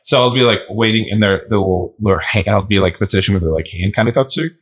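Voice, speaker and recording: A man co-hosting a podcast in casual chat, animated and laughing often, slipping into joke accents. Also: on the low side, quick pace. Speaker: podcast co-host.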